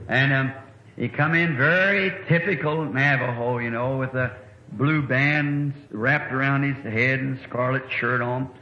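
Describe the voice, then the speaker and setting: A middle-aged man preaches a sermon through folksy, rambling storytelling and anecdotes, with a steady, unhurried mid-range voice. The old sermon recording is echoey and dull with faint hiss.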